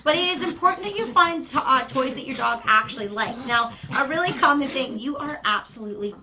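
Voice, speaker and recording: On a live stream, a woman dog trainer shows off toy play, chatty and animated, bursting into excited praise for the dog. Her voice sits high and moves fairly quickly, with crowd noise and poor audio quality.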